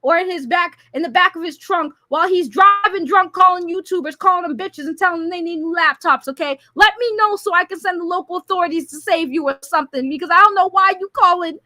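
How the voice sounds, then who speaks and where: A woman streaming live, ranting loudly with profane, mocking comic riffs at a caller. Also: very high-pitched, no echo, clean studio sound. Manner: loud, profane, mocking, rapid comic riffing. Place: home.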